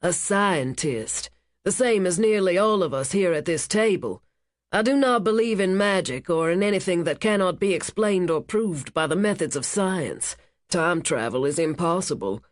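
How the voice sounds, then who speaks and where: A narrator voicing a skeptical scientist, a man with a soft American accent who talks slowly and condescendingly. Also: mid-range voice, animated, dry recording, clean studio sound, natural voice.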